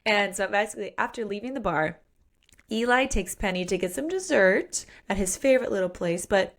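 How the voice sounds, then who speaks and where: A woman's voice: mid-range voice, moderate pace. A woman co-hosting a podcast, casually and playfully recapping a romance novel in a chatty book discussion. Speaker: podcast co-host.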